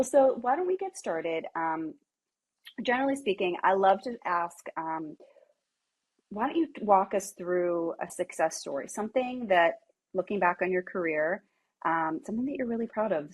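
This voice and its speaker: A woman's voice: on the low side, husky, poor audio. A woman hosting a podcast interview, upbeat and playful in a conversational way. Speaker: podcast host.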